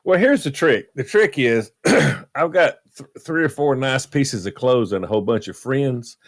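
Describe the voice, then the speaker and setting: A man's voice: mid-range voice, lively intonation, moderate pace. A man from the United States telling a self-deprecating story on a radio talk show, laughing at himself.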